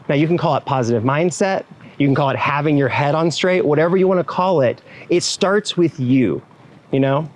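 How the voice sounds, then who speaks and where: Delivering a motivational keynote to event professionals, this man speaks in a fairly high voice, and the audio is poor. He addresses the audience directly, drops in frequent asides, and animatedly acts out the inner voices and clients he quotes.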